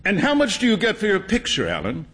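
A man putting on a kindly, easygoing young gentleman who speaks earnestly and gently, pitched a little high and lively. The voice carries a long, hall-like reverb, as in a storybook reading. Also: fast talker, exaggerated voice.

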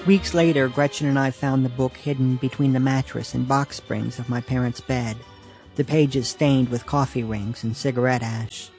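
A man's voice: mid-range voice, fairly even intonation, normal speed, darkish tone, soft background music. A man reading his own humorous personal essay aloud with a dry, understated delivery.

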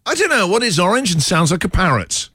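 Male radio host, animated and playful, slightly high voice, dry studio mic. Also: slightly rough, no echo. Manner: jokey, teasing, quick asides. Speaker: radio breakfast show host. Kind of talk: lively radio banter with callers.

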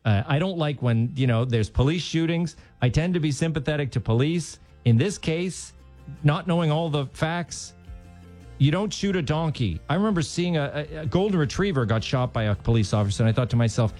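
Mellow-voiced male talk radio host. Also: on the high side, lively intonation, faint music behind. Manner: musing, halting, with restarts. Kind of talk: casual talk radio commentary.

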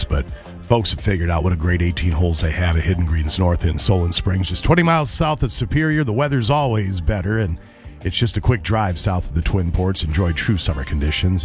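A man hosting a morning radio show, chatty and wry, reading ads and news. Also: deep voice. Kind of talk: casual radio banter and live reads.

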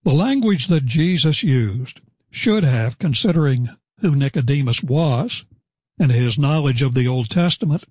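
A man delivers a verse-by-verse sermon in a measured, teacherly way, stressing the quoted words. His voice is slightly husky and sits at an ordinary pitch for a man. The recording is dry, with little room sound. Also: animated, darkish tone, dry recording. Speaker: preacher. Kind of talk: expository sermon.

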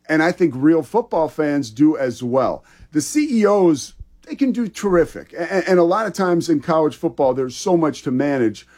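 A man's voice: a little high, darkish tone. A man co-hosting a sports talk show, chatting in an enthusiastic, conversational way. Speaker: sports podcast co-host.

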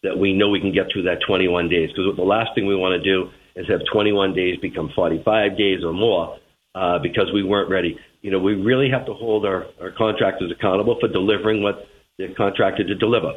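A man with a Boston accent, a transit manager answering interview questions over the phone, measured and repeating words as he starts phrases. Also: low voice, steady tone. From Boston, USA. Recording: tinny phone line with faint hiss.

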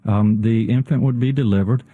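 Halting Southern man on a phone-like clip. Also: mid-range voice, fairly even intonation, no echo. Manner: halting, measured, many fillers.

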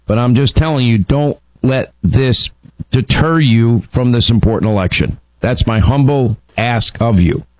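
A man's voice: mid-range voice, measured pace, dry recording, poor audio. A man hosting a call-in radio show, emphatic and stumbling over restarts as he makes his points. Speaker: radio talk show host. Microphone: studio microphone.

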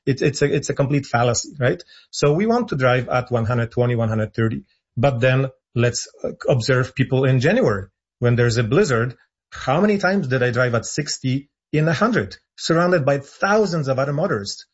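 Husky-voiced male advocate, pushy, repeats himself; muffled lo-fi line. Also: medium pitch, animated, moderate pace. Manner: insistent, argumentative, repeats points for emphasis. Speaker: guest, founder of an advocacy group. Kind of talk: radio call-in interview.

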